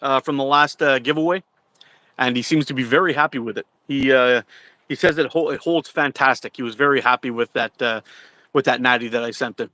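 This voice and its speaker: A man's voice: mid-range voice, fairly quick, pushed and bright. Laughing, hesitant man chatting. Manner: laughs often, hesitant with many "uh"s. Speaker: livestream co-host. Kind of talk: casual live chat.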